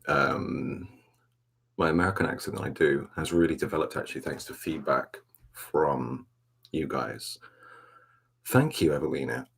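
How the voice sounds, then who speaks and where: A man hosting a soft-spoken ASMR live stream, rambling laid-back as he reads and answers the chat, self-mocking. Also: extremely low pitch, moderate pace, vocal fry, pauses often, husky. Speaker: ASMR livestream host.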